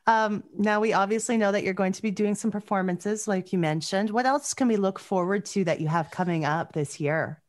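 A woman's voice: mid-range voice, normal speed, hardly any pauses. A Canadian woman hosting a podcast, asking questions and encouraging her guest. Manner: attentive, encouraging interviewer. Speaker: podcast host. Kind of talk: casual interview chat.

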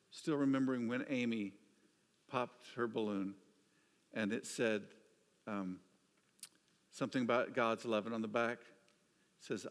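A man preaching a sermon, telling stories with an animated delivery that drops to hushed, quiet asides. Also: mid-range voice. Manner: storytelling, swings from animated to hushed. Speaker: pastor. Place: church sanctuary. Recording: church hall reverb.

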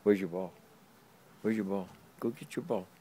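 Out in the backyard, a man with a lowish, dark-toned voice talks to his dog in sing-song baby talk at a moderate pace, repeating himself as he films on a handheld camera. There's slight background noise.

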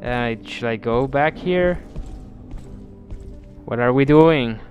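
A gameplay commentator does let's play commentary, a man with a mid-range voice who takes his time. He thinks aloud in a bemused way and keeps restarting his sentences. The audio is dull, with faint music behind him.

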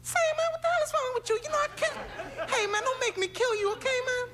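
A man's voice: lively intonation, quick pace, very noisy. A shrieking furious guy. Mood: shrieking rage. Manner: shrill, squealing when angry. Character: furious man shrieking threats in a high voice.

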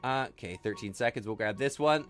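A man giving energetic let's-play commentary as a gaming YouTuber, quick to exclaim and often repeating himself. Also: medium pitch, soft background music.

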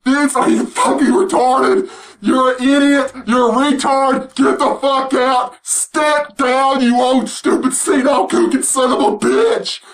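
A man delivering a loud, mocking, profanity-filled rant, laughing as he goes. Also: extremely high pitch, little pitch movement, unhurried, rough recording. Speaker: vlogger.

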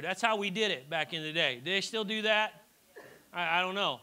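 Man, middle-aged pastor, church sermon, bright forceful voice, rambling stammered storytelling. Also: high voice, fairly quick, clean tone. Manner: chatty storytelling with frequent restarts and stammers.

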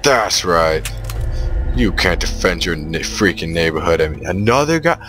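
A man commentating on his own shooter gameplay, excitable and trash-talking the enemies. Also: sits low, normal speed. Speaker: gamer playing a shooter. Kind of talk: let's play commentary.

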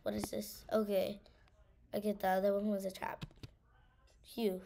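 A woman's voice: medium pitch, level tone, a little slow, creaky, pauses often, dark tone, a little hiss or hum. A woman giving casual gameplay commentary, teasing and saying "bro" a lot. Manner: teasing, says "bro" a lot, scared outbursts. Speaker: gamer.

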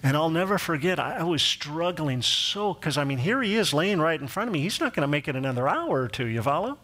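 Animated storytelling male pastor. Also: on the high side, fairly quick. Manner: animated storyteller, acts out quoted voices, laughs at his own jokes. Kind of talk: sermon with personal storytelling.

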